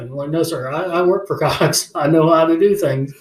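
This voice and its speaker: A man's voice: a little high, a little fast, reverberant, rough recording. A man casually telling a story as a podcast co-host, acting out angry phone calls and cursing as he goes. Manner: animated, swearing, acts out angry phone calls.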